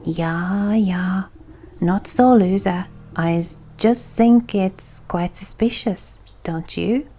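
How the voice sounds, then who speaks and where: A woman's voice: medium pitch, slow, mellow. A woman voicing a hefty male gourd farmer who is competitive and suspicious, with a mild try at a rustic accent.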